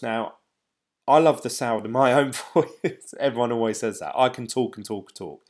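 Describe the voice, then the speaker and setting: A man's voice: fairly low pitch, moderate pace. A middle-aged man from England, chatting casually to viewers on a live stream, rambling and laughing between ums.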